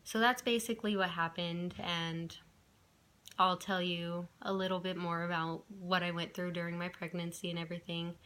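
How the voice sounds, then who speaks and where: A woman's voice: lowish voice, steady tone, moderate pace, fairly bright tone, clean tone. A young woman telling a personal story to her camera in a chatty way, with many fillers and restarts. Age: young adult. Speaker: vlogger.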